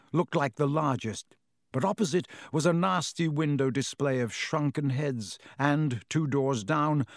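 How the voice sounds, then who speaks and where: A man narrates a storybook with measured, expressive pacing. His voice sits at a middle pitch. The recording is close and dry, with no room sound. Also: no room sound. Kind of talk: audiobook narration.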